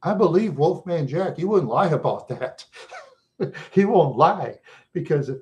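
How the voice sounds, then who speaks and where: A middle-aged man from Minnesota with a rough voice worn by smoking, chatting loosely with viewers and often chuckling as he rambles through stories. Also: a little high, animated, unhurried, darkish tone. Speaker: livestream host chatting with viewers. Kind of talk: casual rambling chat.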